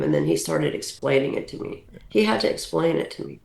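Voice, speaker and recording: A woman's voice: low-pitched, brisk, creaky, few pauses. A woman in her sixties, a podcast guest, telling family stories in a casual, rambling way with many restarts. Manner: animated, rambling anecdotes with restarts. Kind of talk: casual storytelling. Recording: roomy echo.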